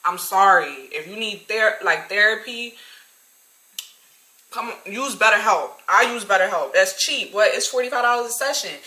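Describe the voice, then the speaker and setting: A woman in her twenties telling a storytime vlog, slangy and animated, talking straight to her viewers. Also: medium pitch, normal speed, echoey room, rough recording. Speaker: vlogger.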